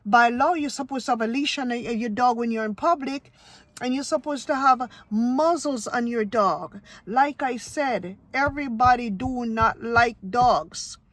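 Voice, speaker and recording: A woman's voice: a little high, measured pace, fairly bright tone, no echo. A woman from Ohio talks straight into her phone in a casual vlog. She lectures emphatically, circling back to hammer her points home. The sound is dry and close, with no room around it. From Ohio, USA. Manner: emphatic, lecturing, repeats herself. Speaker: vlogger.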